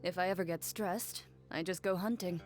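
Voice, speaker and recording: A woman's voice: lowish voice, normal speed, close to an everyday voice. A woman playing a dry, blunt young woman. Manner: calm and matter-of-fact. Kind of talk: game dialogue voice acting. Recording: game cutscene with faint music.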